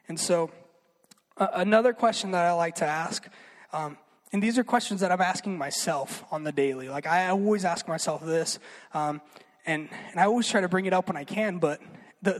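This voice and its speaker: A young man giving a casual sermon, chatty and animated, full of fillers and asides. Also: sits high. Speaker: youth speaker. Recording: long hall reverb.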